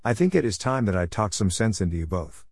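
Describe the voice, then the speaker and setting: A man's voice: on the low side, very animated, a little fast, slightly rough, no echo, heavily acted. A man reading the lines of a stern, commanding parish priest in a storybook.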